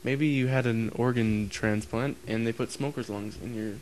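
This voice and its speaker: A man's voice: mid-range voice, steady tone, moderate pace, darkish tone, slight background noise. A young man co-hosting a casual podcast, talking in a playful way and laughing often. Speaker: podcast co-host. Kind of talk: casual chat.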